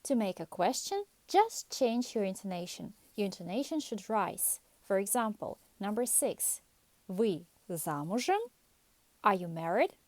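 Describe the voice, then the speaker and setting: A woman reading a scripted beginner language lesson, calmly explaining grammar rules and example phrases. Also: medium pitch, moderate pace, hardly any pauses, no room sound. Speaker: language teacher.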